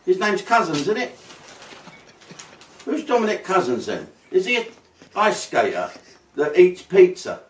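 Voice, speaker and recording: A man's voice: high-pitched, huge pitch swings, unhurried, long pauses, a bit bright, a little hiss or hum. A man hosting his own show with a rambling, sweary, mock-outraged comic monologue. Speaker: host. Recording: roomy sound from a distance.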